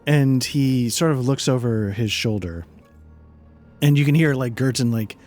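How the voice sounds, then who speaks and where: A man narrating as game master in a loose, halting way, full of fillers. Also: mid-range voice, darkish tone, soft background music.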